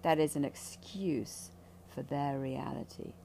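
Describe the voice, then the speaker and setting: A woman's voice: very deep voice, steady tone, takes it slowly, gravelly, warm tone, a little hiss or hum. A woman who guides ayahuasca ceremonies, talking candidly about spiritual healing in a blunt, intense, profane way.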